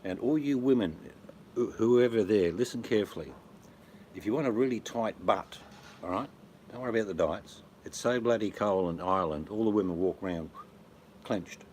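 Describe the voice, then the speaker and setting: Very low-voiced man, joking casually. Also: moderate pace, darkish tone, a little hiss or hum. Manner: rambling, joking storyteller. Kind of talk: casual chat.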